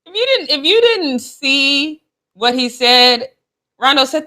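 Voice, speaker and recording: A young adult woman co-hosting a sports chat show, animated and playful. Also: high voice, slow. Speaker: co-host.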